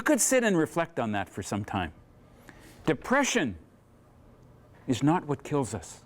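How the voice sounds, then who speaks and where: A man, an author, giving an earnest and reflective public talk in a bookstore, with dramatic pauses and a read-out poem. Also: on the high side, huge pitch swings. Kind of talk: public talk with poetry reading. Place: bookstore event.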